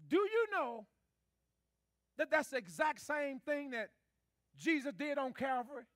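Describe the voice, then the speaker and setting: High, bright-voiced preacher man. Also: no room sound, clean studio sound. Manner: preaching with call-and-response to the congregation. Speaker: pastor. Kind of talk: sermon.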